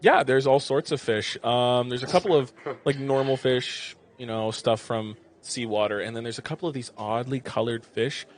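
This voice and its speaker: A man narrating a tabletop game as game master, describing scenes in a relaxed way with plenty of filler words. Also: mid-range voice, moderate pace, few pauses.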